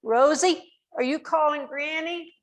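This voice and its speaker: A woman's voice: high voice, a little slow, voice pushed up. A woman voicing her elderly mother, who has dementia and keeps asking to go home. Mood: insistent.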